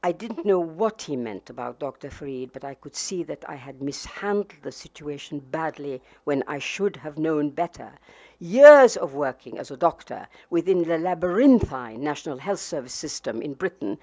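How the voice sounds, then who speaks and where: Older woman from Palestine, memoir reading, wry, lively intonation, lowish voice. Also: normal speed. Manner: wry, anecdotal, with fillers and laughs. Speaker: author.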